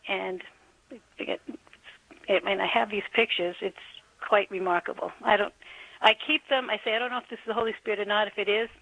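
A woman's voice: mid-range voice, fairly even intonation, a little fast, creaky, pauses often, a bit bright, rough recording. Earnest woman caller on the phone. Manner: detailed, earnest storytelling. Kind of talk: telling a story on call-in radio. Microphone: telephone.

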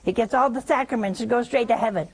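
A woman's voice: on the high side, quick pace, husky, rough recording. A woman preaching a sermon in a folksy, teasing way, often asking her listeners questions.

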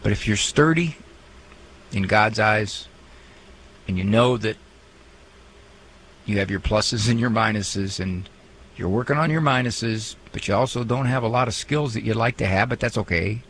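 A man hosting a radio talk show, speaking in a lively, folksy way with joking asides. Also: on the low side, moderate pace, pauses often, slight background noise, low-quality recording. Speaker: radio host and psychologist.

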